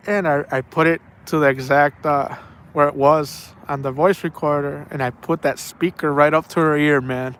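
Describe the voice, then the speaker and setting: This fairly high-voiced man is an angler swapping stories by the water on a night fishing trip, speaking at a moderate pace with a steady, fairly bright tone. His casual storytelling rambles and repeats, sprinkled with slang like "man" and "bro."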